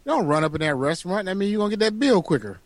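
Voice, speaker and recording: A man's voice: sits high, very animated, very fast, no room sound. A man co-hosting a podcast in casual, profane banter, laughing and teasing. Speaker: podcast co-host.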